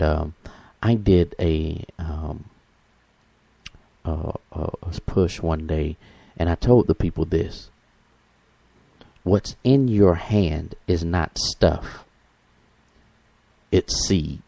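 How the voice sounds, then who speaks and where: Slow, deep-voiced man reflecting. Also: gravelly, dark tone, no echo. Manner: reflective, searching for words with frequent pauses. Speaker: podcast host. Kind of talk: motivational talk.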